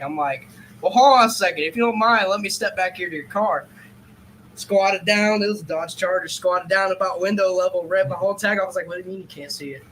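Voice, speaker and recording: Casual podcast guy with a high, bright voice; animated, swears freely, plays every part in his stories. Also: a little hiss or hum, rough recording. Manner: animated, profane, acts out quotes. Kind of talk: casual storytelling chat.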